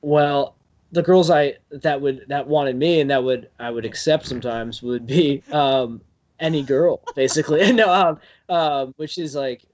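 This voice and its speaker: A young man, a podcast guest, telling stories in a rambling, animated way full of fillers. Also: on the high side. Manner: rambling, filler-heavy, animated with quick bursts. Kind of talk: casual storytelling chat.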